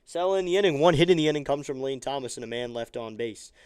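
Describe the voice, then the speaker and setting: A man calls baseball play-by-play as a fan streamer in amateur commentary, talking fast with a clear, resonant voice. His pitch and volume shoot up when an exciting play develops, then he drops into chatty asides to his viewers. The recording is studio quality, with no echo.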